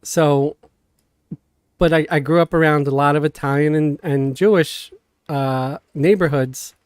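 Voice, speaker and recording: A man chatting casually on a game live stream, halting and full of restarts, coughing now and then. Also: on the high side, clean tone, no echo. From Queens, New York. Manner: halting, many fillers and restarts, animated. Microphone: desk mic, sometimes knocked.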